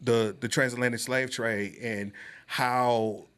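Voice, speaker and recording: A man's voice: medium pitch, steady tone, takes it slowly, fairly bright tone, a little hiss or hum. An American man hosting a podcast conversation, talking loosely with many restarts and laughs. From United States. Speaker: podcast host. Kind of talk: casual conversational interview.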